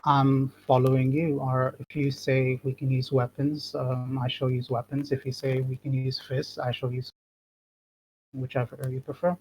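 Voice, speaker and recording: Brief: male player, flat monotone delivery, hesitant and polite. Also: mid-range voice, normal speed, rough recording. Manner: hesitant, polite, with many ums. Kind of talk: casual tabletop play.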